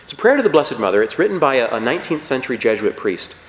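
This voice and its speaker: A man preaching a sermon with emphatic, animated delivery, often checking in with his listeners. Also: medium pitch, very fast. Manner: animated, emphatic, frequent "okay?" check-ins. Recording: roomy hall with long reverb.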